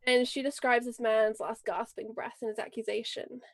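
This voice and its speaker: Brief: higher-voiced woman game master, wry and casual, narrating a tabletop game. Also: little pitch movement, moderate pace, dry recording.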